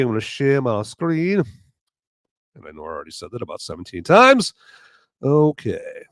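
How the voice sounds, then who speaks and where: A hoarse man hosts a live show, rambling along and cracking jokes. His pitch sits at an ordinary middle height. The sound is dry and close, with no room around it. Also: dry recording. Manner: rambling and jokey. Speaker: podcast host. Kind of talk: live casual chat.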